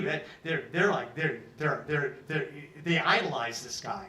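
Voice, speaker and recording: A man's voice: a little high, lively intonation, normal speed, hardly any pauses, bright, forceful tone. Man in his sixties telling a story. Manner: casual, profane storytelling. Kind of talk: live storytelling monologue. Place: pub. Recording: roomy pub from far off.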